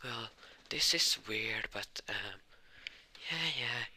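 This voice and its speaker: A man's voice: mid-range voice, lively intonation, takes it slowly, bright, forceful tone, husky, heavily acted. A man voicing a sleepy, confused young male hero in a fan story he tells.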